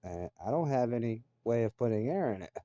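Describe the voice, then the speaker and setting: A man's voice: mid-range voice, expressive, a little fast, mellow, dry recording, highs cut off. A middle-aged man ranting bluntly and profanely in a casual monologue. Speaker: vlogger.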